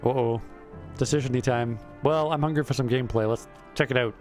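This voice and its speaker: A man's voice: medium pitch, brisk, a little mellow, soft background music. A man hosting a game playthrough video, making joking, self-mocking asides. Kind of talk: let's play commentary.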